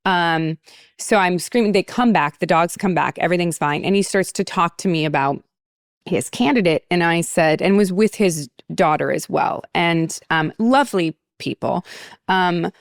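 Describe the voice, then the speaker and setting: Low-voiced woman, rambling. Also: normal speed, dry recording, studio quality. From United States. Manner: rambling storyteller, many fillers and restarts. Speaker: podcast host. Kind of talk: casual chat.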